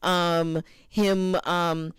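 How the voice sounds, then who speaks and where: A woman co-hosting an internet radio show, chatting casually and telling stories in an animated way. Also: lowish voice, drawn-out words, clean tone, no echo.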